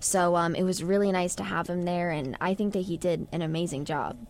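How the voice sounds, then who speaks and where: A woman's voice: on the low side, steady tone, fairly quick, darkish tone. A young actress chatting casually in an interview, giggling often and filling her talk with "like" and "um". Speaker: actress guest.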